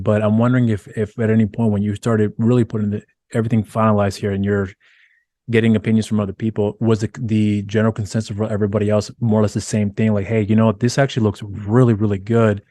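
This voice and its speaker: Low-voiced man, dry close sound, rambling questions. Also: mellow, no room sound. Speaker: interviewer. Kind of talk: interview questions.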